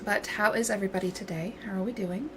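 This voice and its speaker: Her voice is medium-pitched and quick as she casually banters with her livestream audience, passing time until her game is ready. Steady noise sits in the background throughout.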